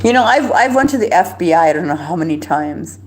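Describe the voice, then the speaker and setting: A woman's voice: on the low side, lively intonation, slight background noise. Rambling, agitated woman on a live stream. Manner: rapid, agitated, with restarts and laughs. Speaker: livestreamer.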